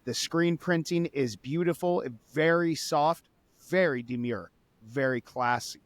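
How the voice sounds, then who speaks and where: A man co-hosting a podcast chats in a laid-back way, swearing freely, saying y'all, and delivering a sponsor read. His voice is on the high side and a little slow, recorded with no echo.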